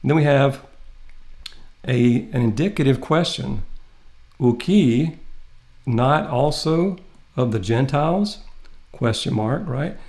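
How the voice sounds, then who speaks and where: A man teaching a Greek translation lesson. He explains the grammar step by step and reads the Greek aloud slowly. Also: mid-range voice, lively intonation, darkish tone. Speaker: Greek instructor. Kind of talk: classroom lecture.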